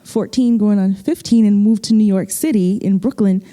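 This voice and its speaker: Dark-toned woman telling a personal story. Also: mid-range voice, moderate pace. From U.S. Virgin Islands. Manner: earnest, storytelling, reflective. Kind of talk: casual conversation.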